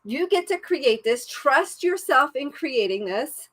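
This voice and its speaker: A woman's voice: sits high, expressive, measured pace, fairly bright tone. A woman life coach leading a live-streamed coaching session, playful and encouraging in a chatty way.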